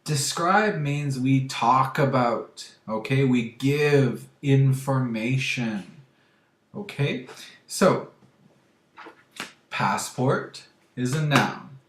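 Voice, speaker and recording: A man teaching a grammar lesson to English learners, speaking slowly and deliberately and often checking understanding with "okay?". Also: mid-range voice. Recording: echoey room.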